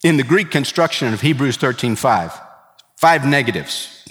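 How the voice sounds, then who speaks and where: A male pastor preaching a sermon slowly and emphatically, dropping low on key words. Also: lively intonation, fairly bright tone, in a large hall.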